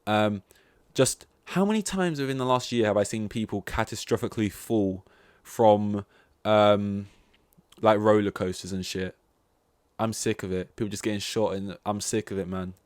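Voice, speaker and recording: A man's voice: on the low side, normal speed, no room sound, clean studio sound. A young man hosting a solo podcast, ranting in a rambling, exasperated way and swearing often. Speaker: podcast host.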